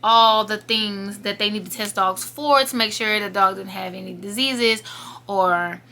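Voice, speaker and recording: A woman's voice: medium pitch, a little slow, creaky, pushed and bright, a little hiss or hum. A young woman telling her viewers a painful personal story in a casual vlog, earnest and fighting back tears. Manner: earnest, emotional, talking straight to viewers. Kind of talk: emotional storytime monologue.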